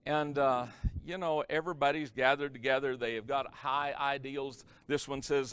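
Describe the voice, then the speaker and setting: A man preaching as a pastor, telling a story in a sermon and swinging his loudness from hushed to loud for effect. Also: medium pitch, brisk, hardly any pauses, clean tone, dry recording, clean studio sound. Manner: animated, varies loudness for effect. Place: church or conference hall.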